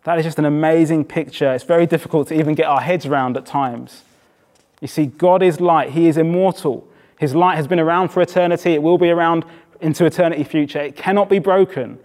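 Male preacher from England, slightly high voice, conversational but emphatic sermon delivery in church. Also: fairly quick, a little mellow. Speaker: pastor.

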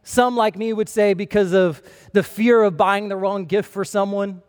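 A young man preaching a sermon to a congregation, telling a funny personal story in an animated way. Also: sits high, normal speed, clean tone. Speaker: pastor. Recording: long reverb of a large hall.

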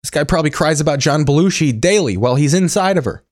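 A man's voice: fairly high pitch, animated, fast talker, a little mellow, dry recording, clean studio sound. A man hosting a comedy show, riffing with sarcastic, profane commentary. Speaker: comedy podcast host.

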